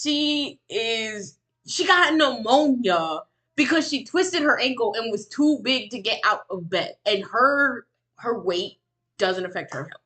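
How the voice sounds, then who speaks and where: A woman streamer giving sarcastic reaction commentary on a video, swinging from mocking exclamations to low muttering. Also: sharp tone.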